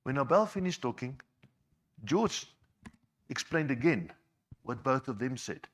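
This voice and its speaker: A man's voice: mid-range voice, sing-song, measured pace. Man telling a testimony. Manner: conversational storyteller, repeats words as he goes. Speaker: church member giving a testimony. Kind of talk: personal testimony told to a congregation.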